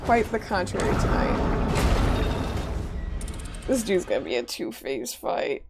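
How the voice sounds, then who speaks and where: A woman's voice: medium pitch, very animated, a little slow, gravelly, pauses often, background noise. A woman streaming a game, chatting casually with viewers, reading their messages aloud and answering with playful mock outrage. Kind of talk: casual gameplay chat with viewers.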